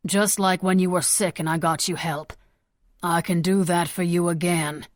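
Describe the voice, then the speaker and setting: A woman's voice: fairly low pitch, fairly even intonation, moderate pace, no echo, close to an everyday voice. A commanding male senator and father, voiced by a woman narrator in an audiobook. He speaks firmly and persuasively, urging and coaxing. The read is dry and close. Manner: firm, urgent, persuasive.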